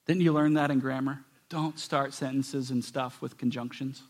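A man preaching a sermon as pastor, swinging between loud emphatic passages and soft, hushed ones. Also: mid-range voice, steady tone, moderate pace.

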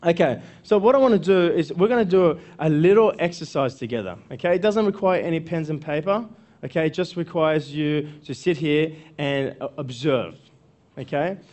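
A man's voice: on the high side, expressive, normal speed, a little mellow. A male coach giving a live seminar talk to an audience, conversational, often checking in with the room and repeating phrases. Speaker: workshop speaker and coach.

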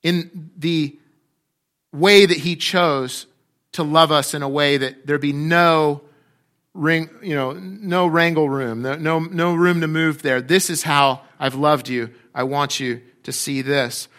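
Male preacher, bright and fairly high voice, chatty sermon delivery with frequent restarts. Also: fairly even intonation, slow. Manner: conversational, restarts often, acts out quotes.

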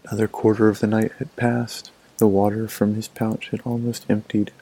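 A male storyteller reads a folk tale in a measured, expressive way. His voice sits low, with a dark, mellow tone and a husky grain. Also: low-quality recording. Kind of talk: storybook narration.

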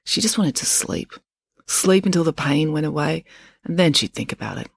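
A woman author narrating a storybook chapter in a calm, expressive reading. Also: low voice, normal speed, vocal fry, breathy edge, no echo.

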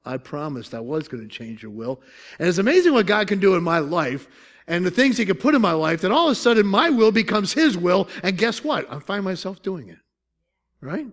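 A man's voice: sits high, big pitch swings, fairly quick. A man pastor preaching a sermon in a conversational way, with joking asides and questions to the congregation.

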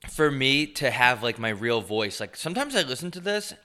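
A man's voice: medium pitch, sing-song, moderate pace, sharp tone. A man with a congested, nasal voice, casually co-hosting a podcast, rambling, joking and swearing freely. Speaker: podcast co-host. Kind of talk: casual chat.

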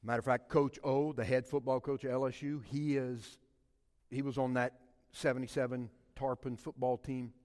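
In a large hall, a middle-aged man from Louisiana delivers a sermon woven with personal anecdotes, alternating soft, low passages with loud, impassioned bursts. His delivery is flat and moderately paced.

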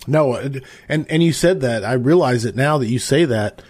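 A man's voice: mid-range voice, normal speed, a little mellow, breathy edge. A man hosting a live-stream interview podcast, enthusiastic and chatty as he reads out viewer comments. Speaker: podcast host.

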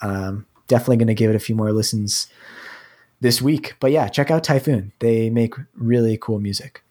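A man's voice: lowish voice, normal speed, a little mellow. A young man co-hosting a podcast over a remote call, talking casually and with many hesitations. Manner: rambling, hesitant. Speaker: podcast co-host. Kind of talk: casual chat. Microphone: headphones with mic, remote call.

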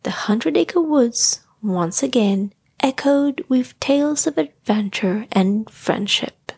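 A woman narrating a bedtime story in a soft voice, often slipping into a whisper. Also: a little high, lively intonation, takes it slowly, gravelly, breathy edge.

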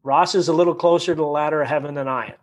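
Animated storytelling Canadian man. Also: fairly high pitch, rapid-fire. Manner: animated storyteller who acts out quotes and repeats words. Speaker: guest. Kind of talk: storytelling conversation.

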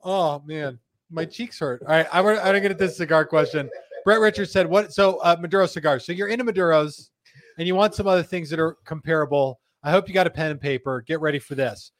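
A laid-back man hosts a live chat show from a studio, joking his way through viewer comments. His voice sits a little high for a man. The sound is close and dry. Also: fast, dry recording. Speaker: host. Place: company studio.

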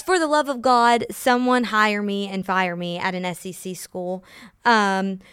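Young female podcast host, casual and opinionated, smooth voice, dry room. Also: mid-range voice, a bit bright, no room sound. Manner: blunt, opinionated, many ums. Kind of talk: casual sports opinion rant.

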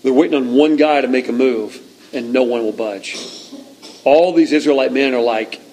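Guy preaching a sermon, gets really into the story, acts out the shouting bits. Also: mid-range voice, moderate pace, slight background noise, low-quality recording. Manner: animated storytelling, reads scripture aloud, acts out shouts. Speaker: pastor.

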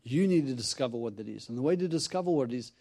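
Animated storytelling preacher man, mellow voice. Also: medium pitch, very fast, creaky. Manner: animated storyteller, acts out quotes, laughs often. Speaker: itinerant preacher. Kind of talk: storytelling sermon.

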